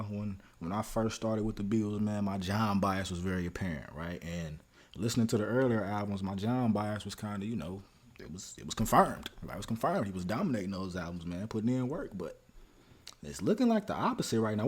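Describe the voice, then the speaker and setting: A man's voice: on the low side, quick pace. A young man hosting a music reaction video, talking casually and animatedly to viewers. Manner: animated, talks straight to viewers with slang. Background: music playing.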